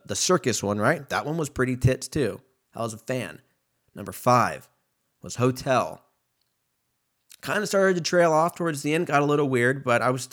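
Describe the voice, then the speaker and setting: Rambling man with a lively, swinging voice. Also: mid-range voice. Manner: rambling, profane, laughs often. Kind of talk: casual rambling monologue.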